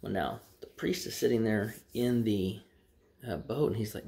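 A man's voice: lowish voice, expressive, normal speed, creaky, a little mellow. A man telling jokes in a folksy, rambling way, with fillers. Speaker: joke teller. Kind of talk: casual joke telling.

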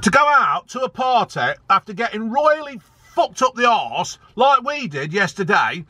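A man's voice: sits high, sing-song, normal speed, bright, forceful tone. A man ranting angrily as a football fan vlogger, swearing a lot and repeating himself for emphasis. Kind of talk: angry ranting vlog.

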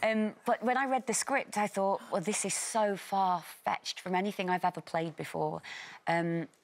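A woman actress being interviewed in a TV studio, chatting in a bubbly way, laughing often and tossing in quick asides. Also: mid-range voice, fairly even intonation. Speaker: actress guest.

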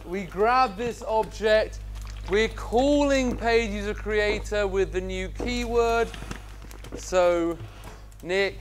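A man's voice: high voice, a little hiss or hum. A man teaching a programming class, upbeat and quizzing his students as he goes. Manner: enthusiastic, asks the class questions. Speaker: instructor. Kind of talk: live coding lecture.

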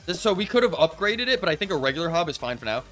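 A man with a somewhat high voice talks through a co-op cooking game in loose, casual chat. He explains the rules as he goes, restarting his sentences and circling back. Faint game music plays under him. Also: big pitch swings, very fast, bright, forceful tone. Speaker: streamer leading a co-op cooking game.

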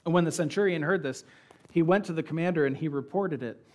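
Animated storytelling male preacher. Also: on the high side, fast talker. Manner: conversational, animated storytelling with acted-out quotes. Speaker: pastor. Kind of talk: sermon. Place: church.

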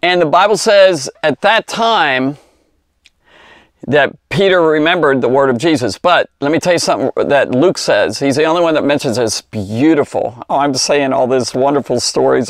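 A man teaching a Bible story to kids in a rambling, conversational way, full of fillers and asides, slowing down to stress key words. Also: a little high, no room sound, studio quality. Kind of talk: informal Bible lesson for children.

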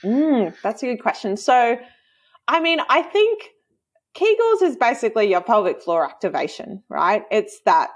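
Woman, 30s, fairly high voice, lively, giggly, casual podcast guest. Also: normal speed. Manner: lively storytelling, giggly, many "like" fillers. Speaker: guest, osteopath and movement coach.

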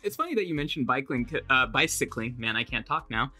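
A man's voice: medium pitch, animated, fast talker, pushed and bright, soft background music. A young man hosting a casual interview over a video call, friendly and sometimes tripping over his words. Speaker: interview host.

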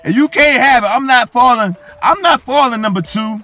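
A man's voice: very high-pitched, normal speed, bright, forceful tone, faint music behind. Hyped young man bragging over gameplay. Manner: hyped, boastful, repeats phrases ending in "coach" and "yo". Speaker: gaming YouTuber. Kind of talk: live gameplay commentary.

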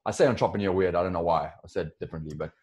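His voice is low-pitched and darkish, and he races through his words. He is a software co-founder in his forties with a South African accent, a podcast guest casually discussing his career in an interview peppered with fillers and restarts.

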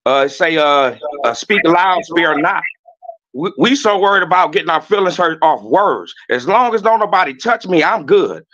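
Loud, blunt man ranting on a podcast. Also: fairly high pitch, muffled recording. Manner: loud, blunt and profane, with many restarts. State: a little nervous. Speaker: guest. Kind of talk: heated rant on a podcast.

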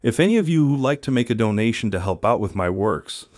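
A man's voice: fairly low pitch, animated, quick pace, a little mellow, no room sound, studio quality. A man narrating a video compilation from a script in a plain, earnest manner. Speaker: channel narrator presenting clips.

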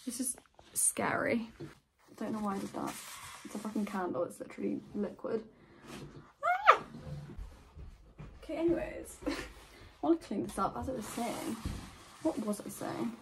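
A teenage girl chatting excitedly in a casual vlog from her bedroom. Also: medium pitch, a little fast, gravelly, pauses often, background noise. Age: teens. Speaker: vlogger. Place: bedroom at home.

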